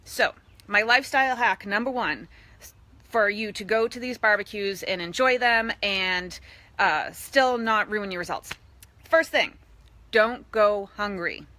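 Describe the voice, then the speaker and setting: Bright, chatty raised woman. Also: medium pitch. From East Boston, USA. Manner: chatty, with playful voiced asides. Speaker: fitness coach. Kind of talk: live social media video.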